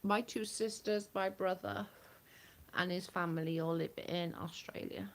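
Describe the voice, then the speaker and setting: A woman's voice: on the low side, flat delivery, unhurried. A woman chatting casually with viewers on a livestream from home. She is blunt and chatty, and she swears freely. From United Kingdom.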